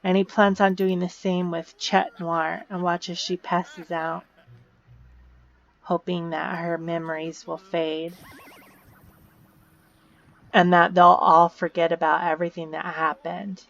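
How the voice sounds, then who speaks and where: A woman's voice: fairly low pitch, little pitch movement, slow, creaky, long pauses, a bit bright. A woman casually narrating a game story, explaining events with fillers and repeated words, on a dull lo-fi recording. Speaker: video narrator.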